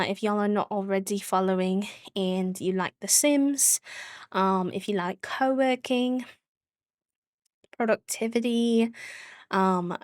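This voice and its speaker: A bubbly streamer , a woman putting on a clumsy, exaggerated British accent, rattling off greetings with frequent laughter. The voice sits at a middling pitch. The sound is dry and close, with no room echo. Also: mellow. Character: woman doing a playful, deliberately bad British accent.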